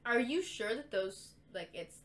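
A woman's voice: on the high side, animated, a little slow, a bit bright, slight background noise. A young woman co-hosting a casual podcast, joking and sarcastic, swearing freely. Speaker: podcast co-host. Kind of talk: casual chat.

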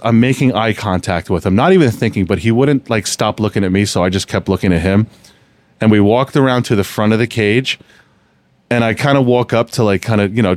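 Deep-voiced man telling stories. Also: no room sound. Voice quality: low, relaxed storytelling with frequent restarts. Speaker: podcast host. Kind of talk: casual storytelling chat.

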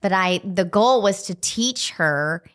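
A woman co-hosting a casual faith podcast, telling a family story in a candid, warm way. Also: medium pitch, lively intonation, slow pace. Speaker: podcast co-host.

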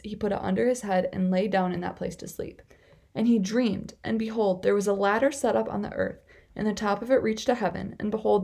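A woman's voice: mid-range voice, vocal fry, mellow. A young woman casually reading through a Bible chapter and reflecting on it, chatty and full of "like" fillers. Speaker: Bible study vlogger.

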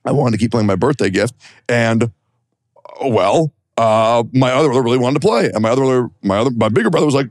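A young adult man co-hosting a podcast, telling stories in a casual, animated and profane way. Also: medium pitch, a little fast, no echo, studio quality. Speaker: podcast co-host. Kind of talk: casual chat.

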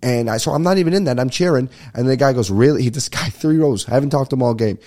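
A young man hosting a casual solo podcast, ranting and telling a story in a profane, rambling, animated way. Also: mid-range voice, quick pace. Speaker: podcast host. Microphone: podcast microphone at a desk.

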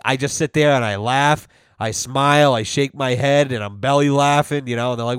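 A man's voice: medium pitch, a little fast, clear, resonant tone, no echo, clean studio sound. A man ranting bluntly and sarcastically as a podcast host, swearing constantly. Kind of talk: casual profane rant.

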